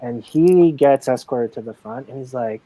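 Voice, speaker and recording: A chatty man recounts his days as a casino games manager in a relaxed, rambling way, often acting out the people he met. His voice is mellow and dark, and the sound is close and dry. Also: mid-range voice, moderate pace, dry recording. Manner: chatty, full of fillers and acted-out quotes. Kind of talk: casual interview storytelling.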